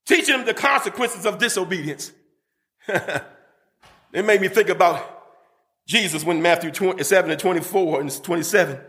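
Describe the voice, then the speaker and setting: A man preaches with a very high, bright, ringing voice, rising into fervent shouted bursts and drawing amens from his congregation. His sermon carries a long reverb that trails through a church hall. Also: normal speed, pauses often.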